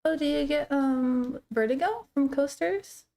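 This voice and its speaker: A woman's voice: high voice, a little slow, gravelly, dark tone. A young woman streaming live, chatting casually with viewers and telling a story with laughs. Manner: chatty, laughing storyteller reading chat aloud.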